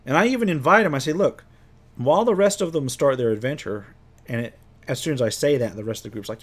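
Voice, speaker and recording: Here a man with a medium-pitched, lively voice speaks quickly while recounting a tabletop session as its game master. He rambles and keeps restarting, casually performing what each player said.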